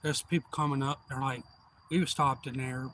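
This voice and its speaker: A man's voice: medium pitch, flat delivery, a little fast, a bit bright, a little hiss or hum. A middle-aged man telling a long, meandering, profane story in casual chat on a live stream.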